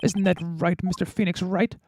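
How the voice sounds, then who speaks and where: A streamer voicing a cold, arrogant older male prosecutor in a game, speaking in a low, cutting way. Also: flat delivery, darkish tone, close to an everyday voice. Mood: haughty. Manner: haughty, slow, cutting. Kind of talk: reading game dialogue aloud.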